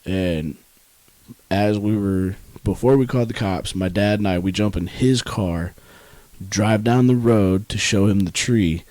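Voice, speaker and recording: A man's voice: lowish voice, a little slow, dark tone, no echo. A young man casually telling a story on a podcast, laid-back, swearing freely and laughing often. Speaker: podcast co-host.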